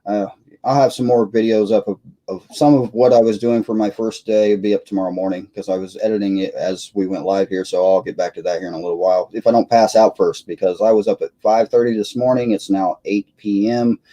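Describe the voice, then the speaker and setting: A man's voice: fairly low pitch, fairly even intonation, brisk, dark tone, poor audio. A tired man hosting a live stream, chatting in a rambling, self-deprecating way with lots of fillers. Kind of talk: casual live stream chat.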